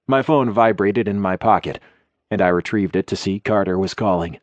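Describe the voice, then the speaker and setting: A man's voice: lowish voice, moderate pace, no echo, highs cut off. A man reading a first-person romance audiobook in a wry, conversational way, close to the mic. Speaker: audiobook narrator.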